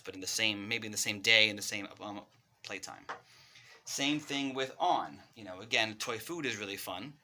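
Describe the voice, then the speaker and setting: A man speaks as a speech pathologist, calmly coaching parents. His voice sits a little low but has a very bright, forward edge. He turns animated when he acts out play with toys. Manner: friendly, animated demonstrations with toys. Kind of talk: casual instructional talk to parents.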